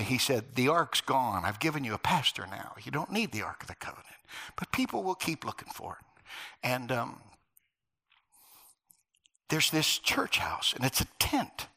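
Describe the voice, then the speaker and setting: Animated, bright-voiced male preacher. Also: mid-range voice, creaky. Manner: animated storytelling, swings from loud emphasis to near-whispers. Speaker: pastor. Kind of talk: sermon with personal stories.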